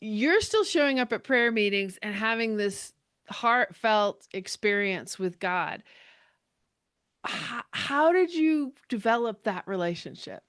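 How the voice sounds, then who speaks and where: A woman's voice: on the high side, lively intonation, takes it slowly, a bit bright, clear, resonant tone, no room sound, studio quality. A woman hosting a faith podcast interview, encouraging her guest with affirming murmurs. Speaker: podcast host.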